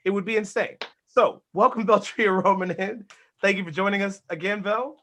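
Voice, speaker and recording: Hype podcast host guy, high bright voice, loud energetic sports chat. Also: normal speed, slight background noise. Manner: hype, energetic, swears casually.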